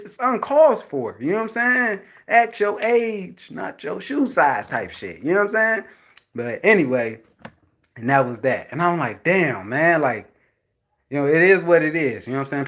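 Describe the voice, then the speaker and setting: A man's voice: fairly high pitch, a bit bright. A man telling a casual story to his viewers, heavy with slang and swearing and a constant "you know what I'm saying". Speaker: vlogger addressing viewers.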